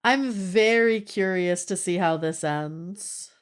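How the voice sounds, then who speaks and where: A woman's voice: lowish voice, slow pace, smooth. A woman streamer chatting casually with her live audience, playful and laughing often.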